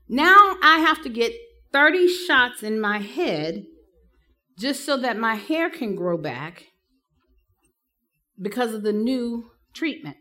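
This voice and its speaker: A woman giving a live talk to counselors, telling stories with humor and acting out the people she quotes. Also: on the high side. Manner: lively, humorous storytelling with acted-out quotes. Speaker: speaker teaching counselors.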